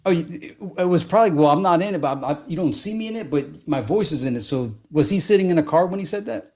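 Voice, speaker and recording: A man on a live podcast speaks quickly in a slightly raised voice. He cuts in with short, halting remarks in casual chat. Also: a little high, lively intonation, darkish tone.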